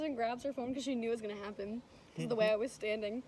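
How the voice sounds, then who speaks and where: A woman's voice: fairly high pitch, fast. A young woman vlogger telling a story in casual chat, acting out what people said. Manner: animated storytelling, acting out quotes. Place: vacation house near a beach. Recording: noisy background.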